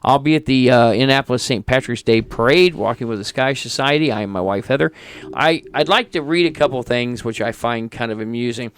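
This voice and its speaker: A man's voice: mid-range voice, fast talker, a little hiss or hum. Chatty american man co-hosting a podcast. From United States. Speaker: podcast co-host. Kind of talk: casual chat.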